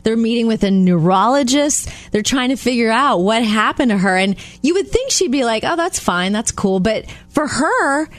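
A woman co-hosting a casual talk show, chatty and quick to laugh as she tells stories. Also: a little high, lively intonation, dry recording. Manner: chatty, laughs often, storytelling. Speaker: radio show co-host. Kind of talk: casual morning show banter.

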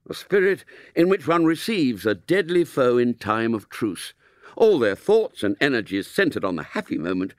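A man reading a story aloud in an expressive, mock-solemn way. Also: medium pitch, no room sound, clean studio sound. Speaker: narrator.

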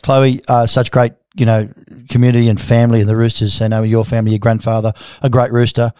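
A man's voice: medium pitch, little pitch movement, mellow, clean tone, no echo, clean studio sound. A man co-hosting a club radio show, chatting casually with lots of fillers. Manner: rapid, filler-heavy talk. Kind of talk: casual sports chat.

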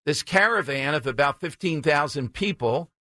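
A man's voice: a little high, lively intonation, moderate pace, bright, forceful tone. A man hosting a talk radio show, blunt, combative and sarcastic. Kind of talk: opinionated talk radio monologue.

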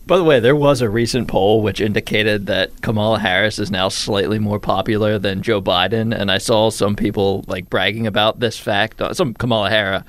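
A man co-hosting a talk radio show, wry and quick to laugh, protesting in mock alarm. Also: fairly low pitch, fairly even intonation, fairly bright tone. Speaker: radio co-host.

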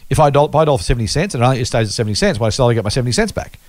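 A man co-hosting a casual investing podcast. He talks quickly and walks through his points patiently with examples. The recording is close and dry, with no room sound. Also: medium pitch, expressive, no room sound. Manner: explains patiently with worked examples. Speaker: podcast co-host.

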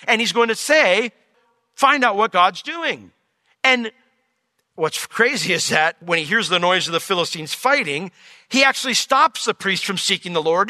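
Guy preaching a bible lesson, high lively voice, acts out the quotes, long reverb. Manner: animated, acts out quoted speech. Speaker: pastor. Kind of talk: sermon-style Bible teaching.

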